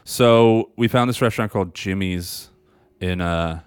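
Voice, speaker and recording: A man's voice: deep voice, unhurried, clear, resonant tone, dry recording. A man co-hosting a podcast, telling a story in casual chat and laughing often as he talks. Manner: animated, laughs often through his story. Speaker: podcast co-host.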